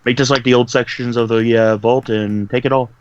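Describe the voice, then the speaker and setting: A man's voice: medium pitch, fairly even intonation, brisk, slight background noise. A man playing a tabletop game, narrating his character's actions in a rambling, laughing way. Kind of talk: casual play narration. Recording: dull lo-fi dry mic.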